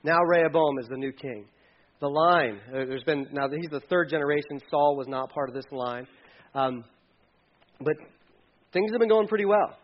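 A man preaching with a high voice, animated and playful as he acts out lines from scripture. The sound is dull and lo-fi. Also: moderate pace. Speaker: pastor. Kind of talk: sermon.

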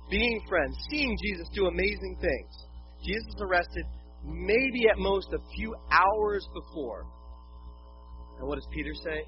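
A man preaching a sermon in a conversational way, with casual jokey asides. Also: sits high. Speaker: pastor. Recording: dull lo-fi with faint music.

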